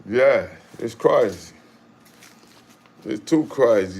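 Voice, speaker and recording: Hosting a casual live chat, a St. Louis man talks in a streetwise manner and tends to repeat phrases. His voice is mid-range and slow, with frequent pauses, and the room echoes faintly with background noise.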